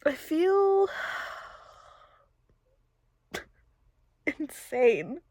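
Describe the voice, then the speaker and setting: High and darkish in tone, her voice swings widely in pitch and moves very slowly, with no room sound. She's a young woman book vlogger reacting to a book casually, by turns gushing and exasperated, laughing and ranting.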